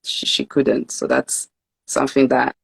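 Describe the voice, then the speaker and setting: Her bass voice is level in tone, a little slow, creaky and slightly rough. The young author and host leads a heartfelt interview, earnest but full of stammers and repeated words, while translating her guest's French into English on the spot.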